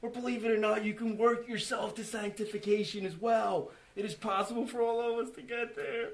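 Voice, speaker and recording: Man sharing a church testimony, high voice, earnest and emotional, frequent restarts, acts out conversations. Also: steady tone, a little fast. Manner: emotional, earnest, with many restarts and quoted dialogue. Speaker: church member giving testimony. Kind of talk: personal testimony to a church group.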